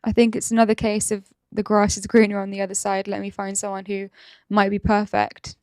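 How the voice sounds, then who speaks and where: A woman's voice: mid-range voice, monotone, a little fast, a little mellow, smooth, no room sound, studio quality. A woman host giving indignant reaction commentary, firing rhetorical questions.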